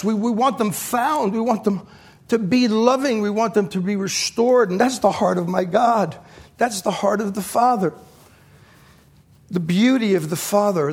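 A man's voice: high-pitched, a little mellow, husky. A middle-aged man preaching a sermon with passion, repeating words as he goes and acting out the quotes he tells. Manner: impassioned, repeats words, voices quotes dramatically.

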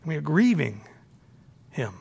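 Male pastor, high gravelly voice, casual teaching sermon. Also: very animated, a little slow, a little mellow. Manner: conversational preaching with repeated restarts.

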